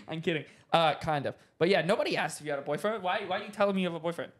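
A young man co-hosting a podcast, telling stories in a slangy, joking, animated way. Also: sits high, a little fast, pauses often. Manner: animated storytelling, slangy, jokey. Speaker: podcast co-host. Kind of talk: casual chat.

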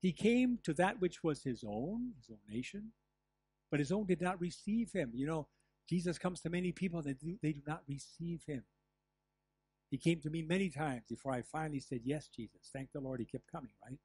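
An older man preaching a sermon as pastor, telling stories with lively asides and the odd laugh. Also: a little high, fairly quick. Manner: animated storytelling with asides and laughs. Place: church.

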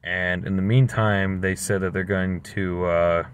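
A man's voice: sits low, steady tone, a little slow, slight background noise. A man telling a story in a casual, rambling, exasperated way, full of slang. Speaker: vlogger.

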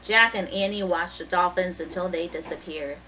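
A woman reading a children's chapter book aloud in a lively, expressive way, stopping now and then to talk about the pictures. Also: on the low side, normal speed, recorded from a distance, a little hiss or hum, poor audio. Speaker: storybook reader.

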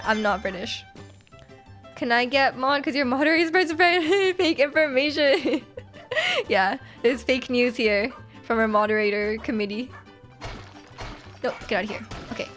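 A woman's voice: high voice, fairly bright tone. A young woman from Canada live-streaming a game, chatting with her viewers and laughing often. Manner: giggly, chatty, reads chat aloud. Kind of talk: casual live-stream chat while gaming.

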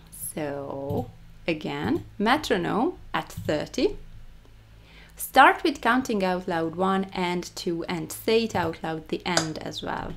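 A woman with a Hungarian accent teaching a rhythm lesson, counting the beats aloud and stressing the first. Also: fairly low pitch. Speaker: music teacher.

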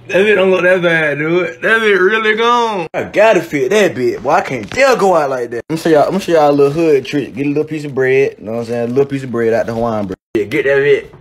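A young man, riffing in a casual comedy video. He talks in an animated, slangy way, swearing freely and breaking into laughter. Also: fairly high pitch, quick pace, few pauses. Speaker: content creator.

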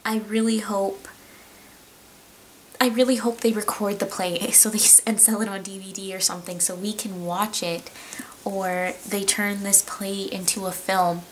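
A woman reviewing a book in a casual home vlog, earnest and gushing, with halting restarts. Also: medium pitch, little pitch movement, a little hiss or hum, low-quality recording. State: tearful, voice breaking. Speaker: book vlogger.

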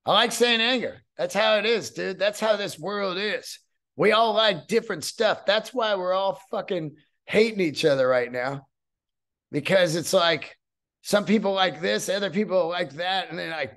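A man's voice: high-pitched, animated, unhurried, fairly bright tone. Rambling profane male podcaster. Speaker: podcast host and comedian. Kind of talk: solo podcast monologue.

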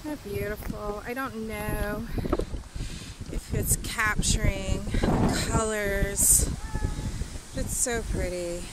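A woman's voice: mid-range voice, fairly even intonation, slow pace, long pauses. A chatty woman from Wisconsin, out of breath as she walks and records a casual vlog on an outdoor trail with a handheld camera, gushing about the scenery. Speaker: vlogger. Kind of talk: casual walk-and-talk vlog. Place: outdoors on a windy rural trail. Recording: wind noise on the mic.

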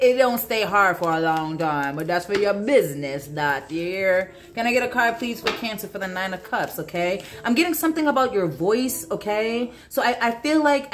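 Blunt, swearing woman tarot reader. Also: medium pitch. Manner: blunt and profane, talks straight to the viewer; halting, repeats herself, asks aloud for cards. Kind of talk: solo tarot reading.

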